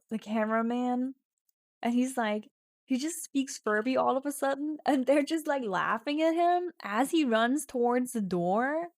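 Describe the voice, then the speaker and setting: A woman's voice: high-pitched, darkish tone, no room sound. Woman streamer, non-native English speaker, casual chatter, reads lines aloud while typing, dry close mic. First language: not English. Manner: self-mocking, laughs often, reads story text aloud. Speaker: streamer playing an AI text adventure. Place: home streaming setup.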